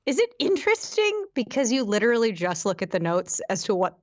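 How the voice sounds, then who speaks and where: A woman co-hosting a podcast, teasing her partner in a dry way. Her pitch moves a lot. The sound is dry and a little dull. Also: very animated, brisk, no room sound. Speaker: podcast co-host, doctor. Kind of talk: casual banter.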